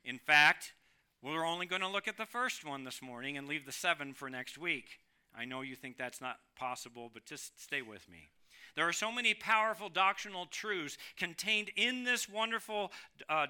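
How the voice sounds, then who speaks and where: A man with a high, very bright and clean voice preaches a sermon. He swings between emphatic, louder stretches and sudden quiet drops. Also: clean tone. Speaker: pastor.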